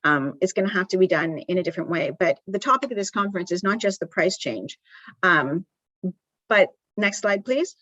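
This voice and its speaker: A woman's voice: on the low side, animated, moderate pace, a bit bright, no room sound, lo-fi sound. A woman giving a live conference presentation in a conversational way, with frequent ums and restarts. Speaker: conference speaker. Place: conference venue.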